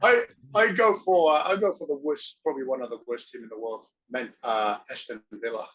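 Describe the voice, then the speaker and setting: A man's voice: medium pitch, fairly quick. A middle-aged man, an actor and wrestler, chatting as an interview guest, acting out the voices of people in his stories. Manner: animated, acts out others' voices in his anecdotes. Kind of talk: casual storytelling chat. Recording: dull, muffled audio.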